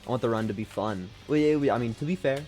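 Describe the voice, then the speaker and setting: A man chatting loosely while he plays a game on stream at home, his voice sitting at a mid pitch. He rambles and jokes at his own expense, swearing freely, with faint music running behind him. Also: fast, darkish tone. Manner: rambling, self-deprecating, sweary. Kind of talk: casual gaming commentary.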